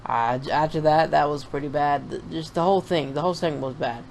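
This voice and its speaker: A man's voice: on the high side, brisk, gravelly, a little hiss or hum. A man talking casually in a reaction vlog, reviewing a wrestling show in a profane, rambling, opinionated rant.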